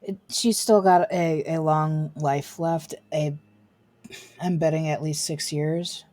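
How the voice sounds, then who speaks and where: A woman's voice: low-pitched, steady tone, takes it slowly, warm tone. A woman streaming a game from her desk at home, chatting casually and slipping into baby talk with her dog. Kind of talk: casual chat while streaming.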